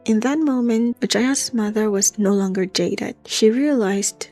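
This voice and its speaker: A woman casually telling a true-crime story, animated, acting out the quotes as she goes. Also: mid-range voice, measured pace, few pauses, faint music behind.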